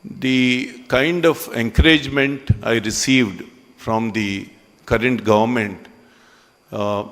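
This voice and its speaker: Older guy speaking at a ceremony, stop-start, lots of pauses, echoey hall. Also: lowish voice. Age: 60s. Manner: conversational, halting, with frequent pauses. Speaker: business owner speaking at a ceremony. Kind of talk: speech at a public ceremony.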